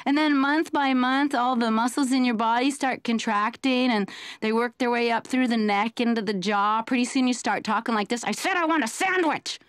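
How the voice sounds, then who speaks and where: Woman, high voice, stand-up comedy, chatty, self-mocking, rhetorical asides, dry studio sound. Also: fairly even intonation, normal speed, clean tone, no room sound. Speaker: comedian playing a patient.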